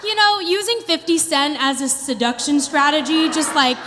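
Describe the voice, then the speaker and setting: Woman in her 30s doing stand-up on stage, high voice, big hall reverb, faint room noise. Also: moderate pace. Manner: animated storytelling with playful put-on quotes. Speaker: stand-up comedian. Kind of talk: stand-up comedy routine. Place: theater stage before a live audience.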